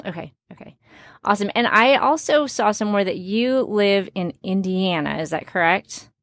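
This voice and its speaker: A woman's voice: medium pitch, moderate pace, a bit bright, no echo. A woman in her forties from Chicago and South Texas, hosting a podcast with friendly, rambling talk and frequent restarts. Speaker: podcast host. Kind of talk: casual podcast interview.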